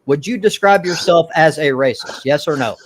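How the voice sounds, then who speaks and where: Man, host and moderator, calm, fairly high voice, keeps order. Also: moderate pace, a little hiss or hum. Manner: calm, interrupts to restore order. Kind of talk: moderating a live-stream debate.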